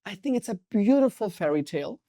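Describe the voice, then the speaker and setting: Mellow-voiced energetic German-accented man. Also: sits high, fast talker. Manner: energetic, intense, emphatic. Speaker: guest, water sommelier. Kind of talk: podcast interview conversation.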